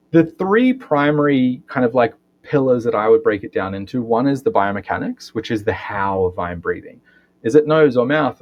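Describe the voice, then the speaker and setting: A man, a physiotherapist and breathwork educator, explaining things in a podcast interview, often ending points with a questioning "right?". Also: medium pitch. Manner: animated explainer, frequent tag questions.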